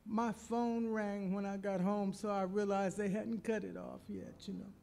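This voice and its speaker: A woman's voice: mid-range voice, normal speed, creaky. A woman preacher telling a personal story in a sermon, acting out the voices of the people in it. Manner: animated, acts out the people in her story. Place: church.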